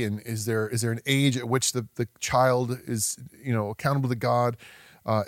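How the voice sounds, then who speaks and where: A man's voice: mid-range voice, no room sound, studio quality. A man in his thirties hosting a podcast, talking casually and animatedly, laughing often and poking fun at himself. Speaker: podcast host.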